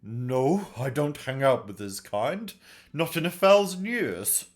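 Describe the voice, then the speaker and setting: A man's voice: medium pitch, lively intonation, slow, voice pushed up. A man voicing a nervous old male shopkeeper in a game, pleading and anxious. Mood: indignant.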